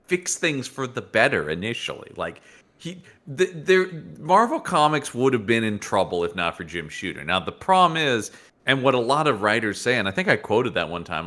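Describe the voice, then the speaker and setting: A male podcast co-host talks in an animated, jokey way and rambles through long stretches. His voice is bright and forward, and his pitch leaps around a lot as he speaks. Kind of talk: casual podcast chat.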